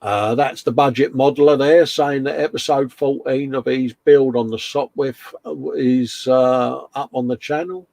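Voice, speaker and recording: A British man hosts a laid-back hobby livestream from his home workshop bench and keeps calling everyone mate. His voice sits at an ordinary middle pitch. The sound is close and dry, with no room echo. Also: steady tone, measured pace, hardly any pauses, darkish tone. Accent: British English. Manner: chummy and matey, calls everyone mate. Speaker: host of a model-building livestream. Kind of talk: casual chat, reading out viewer comments.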